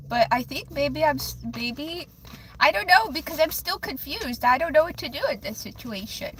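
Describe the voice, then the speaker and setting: A woman's voice: sits high, expressive, normal speed, slight background noise. A woman hosting a livestream with card readings, chatting casually and rambling emotionally straight to her viewers.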